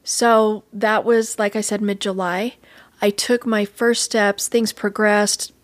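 A woman guest telling a personal story in an interview, earnest and animated, acting out quoted dialogue as she goes. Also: medium pitch, takes it slowly, dry recording.

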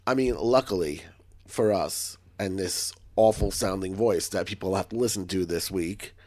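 A man co-hosting a podcast in casual chat while sick with a cold, with a gravelly voice, joking and self-deprecating, recorded at home in a small apartment. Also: deep voice, normal speed, a little mellow, no echo. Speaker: podcast co-host.

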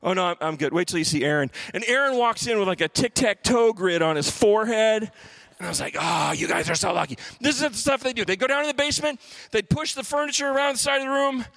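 A man's voice: very high-pitched, animated, fast, fairly bright tone, no room sound. A man telling a long comic story as stand-up, acting out voices and sound effects as he goes. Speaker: stand-up comedian.

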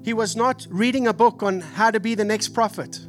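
A man in his forties with a Texan accent, preaching a sermon in an animated, storytelling way. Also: high-pitched, brisk, soft background music. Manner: animated storytelling, acts out family voices. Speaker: pastor. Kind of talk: sermon with personal stories.

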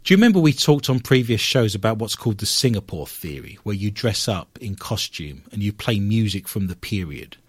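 A man's voice: fairly low pitch, very animated, fairly quick, few pauses, slightly rough, no echo. An English man with an English accent hosting a show in a chatty, wry way. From England. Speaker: podcast host. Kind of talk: casual chat.

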